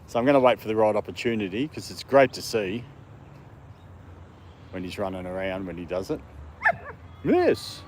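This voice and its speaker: A man's voice: fairly low pitch, fairly quick, long pauses, very noisy. An Australian man hosting a casual livestream from a dog park, answering viewer comments and talking to his dog. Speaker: livestream host.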